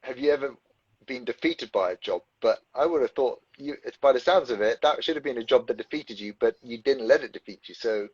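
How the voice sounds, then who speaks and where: A man's voice: mid-range voice, fairly quick, darkish tone, breathy edge. A man hosting a casual online chat, asking questions and reading out viewer questions. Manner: chatty, reads out viewer questions. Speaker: host. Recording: dull lo-fi sound.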